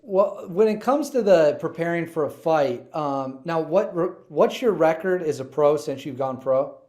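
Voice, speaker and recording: A man's voice: on the high side, animated, unhurried, mellow. A man interviewing a fighter, asking friendly, joking questions.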